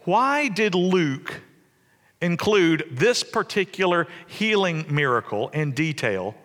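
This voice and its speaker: A man preaching a sermon, telling the story conversationally and swinging between loud and soft. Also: fairly high pitch, sing-song, takes it slowly. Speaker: pastor. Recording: long reverb of a church hall.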